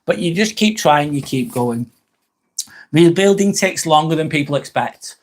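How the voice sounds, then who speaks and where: English guy hosting a live vlog, slightly high voice, candid and rambling. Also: lively intonation, a little slow. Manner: candid, rambling, reads viewer comments aloud. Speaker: live-stream host. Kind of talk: casual live-stream chat.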